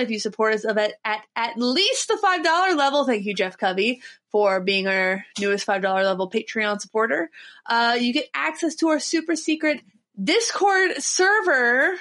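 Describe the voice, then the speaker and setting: A woman's voice: on the high side, expressive, a little fast, fairly bright tone. A woman from Ohio hosting a podcast, chatting and joking with a casual, swearing manner. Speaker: podcast host. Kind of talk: casual chat.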